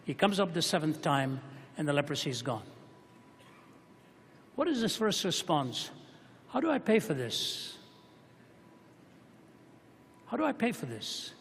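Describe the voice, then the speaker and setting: A man's voice: fairly high pitch, big pitch swings, a little slow, creaky, pauses often, a little hiss or hum. Dramatic male preacher in a reverberant hall. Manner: dramatic storytelling, voice rising and dropping to a hush. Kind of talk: sermon.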